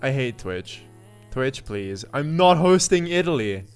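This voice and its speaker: A man streaming live in casual chat, greeting viewers by name and laughing often as he swings from loud yelps to mumbles. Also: medium pitch, sing-song, measured pace, clear, resonant tone. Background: faint looping music.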